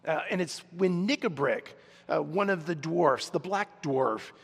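A man's voice: fairly high pitch, measured pace, creaky, fairly bright tone, slightly rough. A man preaching a sermon as pastor, earnest and conversational, with some fillers. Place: church. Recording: long reverb in large hall.

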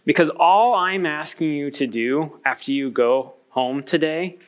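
A man's voice: fairly high pitch, unhurried. A man in his thirties speaking to an audience at a workshop, earnestly coaching the listeners.

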